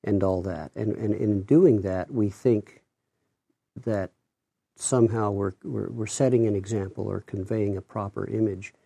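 A man, a minister, speaking in a halting, conversational way with many pauses and fillers. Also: lowish voice, fairly even intonation, creaky, warm tone, breathy edge, no room sound. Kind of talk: conversational discussion.

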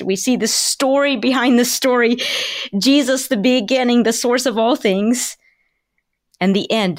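A woman pastor discussing scripture with an emphatic, preacherly cadence, often saying "you know.". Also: mid-range voice.

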